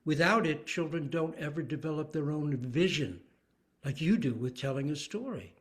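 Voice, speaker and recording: Expressive older man teaching storytelling. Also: on the high side. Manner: expressive, emphatic, halting phrases with vocal bursts. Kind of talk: teaching talk.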